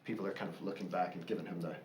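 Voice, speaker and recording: Man, lowish voice, thoughtful, halting with fillers, echoey room. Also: steady tone, darkish tone. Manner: thoughtful, halting, many ums and uhs. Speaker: co-host sharing family stories. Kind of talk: casual storytelling chat. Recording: echoey room with faint hiss.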